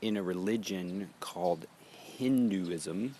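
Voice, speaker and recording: A man leading a guided meditation, speaking in slow, measured phrases with long pauses. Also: low-pitched, dark tone, a little hiss or hum.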